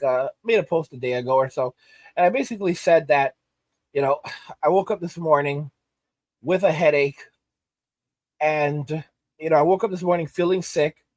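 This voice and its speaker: Male host, ranting commentary, slightly high voice, emphatic and repetitive, dry close sound. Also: no room sound. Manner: emphatic, repeats phrases, frequent restarts. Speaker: channel host.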